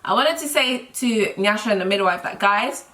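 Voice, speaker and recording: A woman, telling her birth story in casual chat, chatty and emphatic, quick to correct her partner. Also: medium pitch, animated, pushed and bright.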